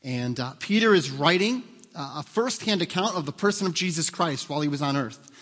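Speaking briskly, this pastor has a fairly high, fairly bright voice with lively intonation. He addresses the congregation conversationally and questions them during his sermon, recorded with long hall reverb.

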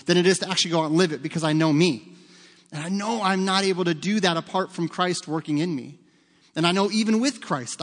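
A middle-aged male pastor preaching in a church, relaxed and chatty, with jokes and asides to the congregation. His voice sits a little high for a man. A long hall reverb trails his words. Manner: conversational, humorous storytelling with asides to the congregation. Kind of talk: sermon. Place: church sanctuary.

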